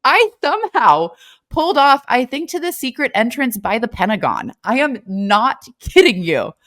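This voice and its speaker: A woman's voice: fairly high pitch, unhurried. Chatty young woman telling a story. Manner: animated, chatty storytelling with many fillers. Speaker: podcast co-host. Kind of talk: casual storytelling.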